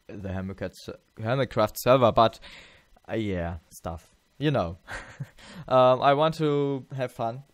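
Narrating a let's play, a weary man whose first language is German wanders and stumbles through his commentary, full of fillers and self-corrections as he keeps restarting. He hosts a gameplay channel, and his slightly low voice comes across smooth and clean. The sound is close and dry, with no room sound.

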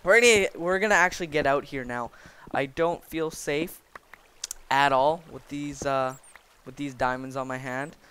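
A young man giving excitable, rambling commentary while playing a block-building game and joking with the creatures he meets. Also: mid-range voice, normal speed, smooth. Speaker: gaming video creator. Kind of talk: Minecraft let's play commentary.

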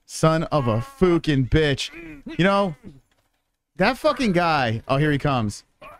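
A man streams a video game and talks his way through it with lots of profanity. His voice sits a little high and leaps all over the place as he yelps and groans. He takes his time between the outbursts. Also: slow pace. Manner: excitable, swears often, yelps and laughs at the game. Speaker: livestreaming gamer. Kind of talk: live game commentary.

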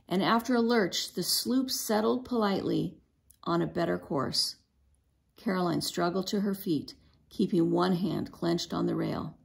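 A woman reading a children's novel aloud in an expressive storytelling manner, with an occasional stumble over a word. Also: medium pitch, vocal fry. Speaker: storybook reader.

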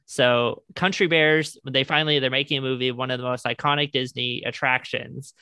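A host interviewing a guest in a relaxed, casual way, with frequent filler ums. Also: medium pitch, moderate pace, clear, resonant tone, no room sound.

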